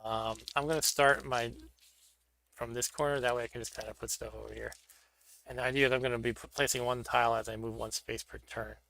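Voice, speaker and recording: A man's voice: medium pitch, fairly even intonation, brisk, gravelly, bright, forceful tone. A man hosting a board game stream, chatting casually and thinking aloud as he sets up pieces for a solo game. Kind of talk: casual solo play-through commentary.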